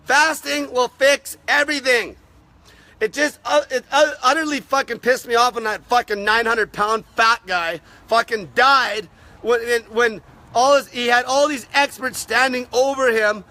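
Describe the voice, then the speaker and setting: A man hosting a live stream, ranting aggressively and swearing constantly, his voice wearing raspy. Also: extremely high pitch, pushed and bright. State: voice getting raspy from talking. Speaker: fasting channel host.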